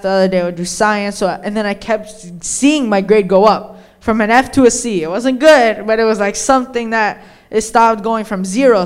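A man's voice: sits high, clear, resonant tone. A teenage boy talking candidly in a casual conversation, telling a story with many fillers. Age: teens. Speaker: son, guest.

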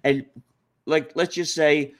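A man, co-hosting a crude, rambling comedy podcast, swearing often and jumping from mumbles to shouts. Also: fairly high pitch, steady tone, slow. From New York. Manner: profane, rowdy, swings from mumbling to shouting. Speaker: podcast co-host.

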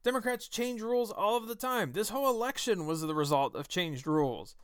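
A combative, sarcastic man hosting a political podcast. His voice sits fairly high and rings smooth and resonant, and he turns emphatic as he argues. It is recorded close and dry. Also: lively intonation, fairly quick, no echo. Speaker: podcast host. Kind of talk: political commentary monologue.

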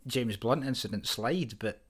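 Male podcast co-host, mid-pitched, rambly teasing banter. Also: unhurried, breathy edge. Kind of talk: casual chat.

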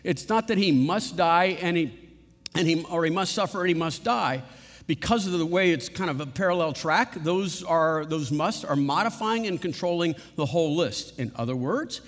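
A man preaching a sermon in an earnest tone, leaning on key words and slowing down to stress them. His voice sits a little high for a man, and a long reverb trails behind it. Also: animated. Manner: earnest preaching, slows for emphasis, repeats words. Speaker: pastor.

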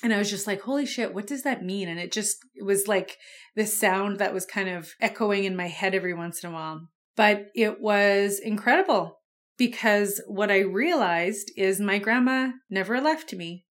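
A woman's voice: mid-range voice, normal speed. Candid young woman telling her story. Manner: candid and conversational, with frequent swearing and fillers. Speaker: podcast host. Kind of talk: personal storytelling monologue.

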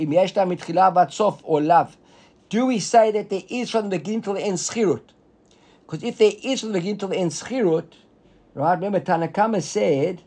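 A man's voice: high-pitched, a little mellow, slightly rough. A man teaching a Talmud class who reads the text aloud, translates it line by line and keeps checking that his listeners follow. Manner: explains quickly, reads the text aloud and translates it, asks students if they follow.

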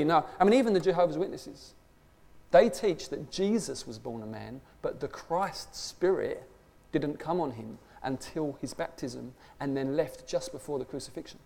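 A man's voice: fairly high pitch, vocal fry, darkish tone. A man preaching a conversational sermon, emphatic and full of rhetorical questions. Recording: long hall reverb.

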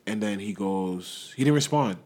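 A man with a fairly low voice talking in a relaxed, slangy way. He tells a story in casual chat and puts on voices for the people in it. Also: normal speed, noisy background. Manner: laid-back, slangy, acts out quoted voices.

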